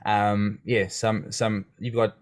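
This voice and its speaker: A man's voice: lowish voice, flat delivery, slow pace. A man, hosting an interview podcast with an effusive manner. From New Zealand. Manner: enthusiastic, effusive. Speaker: podcast host. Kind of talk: casual interview chat.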